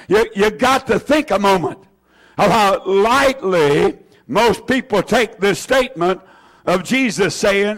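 Slow, emphatic high-voiced male preacher. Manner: slow, emphatic, repeating phrases; rises to shouting at peaks. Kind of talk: sermon.

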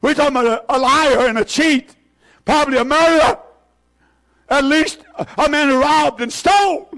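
A man preaching an impassioned sermon in a church, tearful, swinging from shouts to hushed asides. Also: extremely high pitch, normal speed. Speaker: pastor.

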